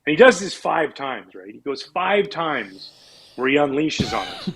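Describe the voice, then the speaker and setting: A man from Canada, a former professional pitcher, telling animated, rambling stories as a guest in a casual interview. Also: unhurried, gravelly, husky, rough recording. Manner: animated, rambling with restarts and laughs.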